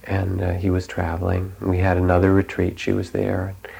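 A man gives a dharma talk in a low, gravelly voice. He speaks as a meditation teacher, gentle and reflective, telling stories with soft pauses between his thoughts. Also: monotone, poor audio.

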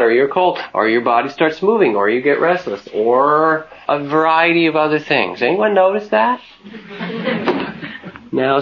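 A man giving a calm, unhurried meditation talk to a group, telling stories and asking the listeners questions. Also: a little high, creaky. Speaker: meditation teacher. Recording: dull lo-fi talk recording.

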